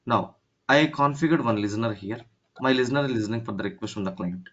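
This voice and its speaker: A man teaching an online class, talking haltingly with many fillers and restarts over a video call. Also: mid-range voice, fairly bright tone. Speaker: instructor. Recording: dull lo-fi call audio.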